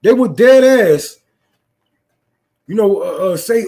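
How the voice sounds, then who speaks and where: A man's voice: very high-pitched, animated, normal speed, darkish tone, breathy edge. A young man in an unscripted political rant, profane and fired-up, preaching to his listeners. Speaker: political talk host.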